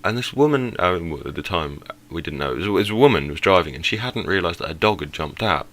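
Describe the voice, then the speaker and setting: Low-voiced young man rambling. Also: expressive, fast talker, fairly bright tone. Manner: rambling, many fillers and self-corrections. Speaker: gaming channel host. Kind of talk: casual storytelling over gameplay.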